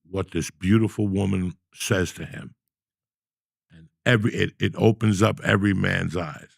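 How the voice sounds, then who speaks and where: A middle-aged man tells his stories with a rough, gravelly rasp in a lowish register. He gets animated and profane as he talks. The sound is close and dry, with no room around it. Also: moderate pace, no echo. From New Jersey. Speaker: podcast host. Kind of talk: storytelling in casual chat.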